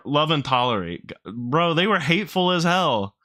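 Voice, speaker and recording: A gaming streamer with a fairly high, pushed and bright voice talks at a moderate pace with few pauses and animated delivery. Giving casual let's-play commentary, he rambles, jokes, and swears while answering his chat.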